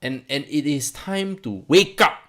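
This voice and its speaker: A man talking straight to his viewers in a heated, emphatic rant. His voice sits a little high for a man, and he hammers points home by repeating words as he swings from calm explaining to agitated outbursts. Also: unhurried. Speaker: crypto channel host.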